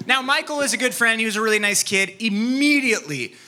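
A man preaching a sermon, telling a childhood story with lively acted-out scenes and dropping to a soft, quiet tone for his main points. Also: very high voice, quick pace. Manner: animated storytelling, acts out scenes, drops soft for key points. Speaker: pastor.

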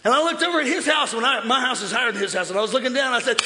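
A man preaching a sermon as pastor, emphatic and shouting, with repeated refrains. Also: extremely high pitch, rapid-fire, few pauses. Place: large church hall. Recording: echoey hall with music and crowd.

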